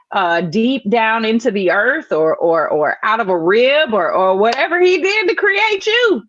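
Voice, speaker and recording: A woman co-hosting an online radio talk show, speaking in an expressive, preacherly way. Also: a little high, no echo. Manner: expressive, preacherly, faith-filled. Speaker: co-host. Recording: dry, dull lo-fi remote audio.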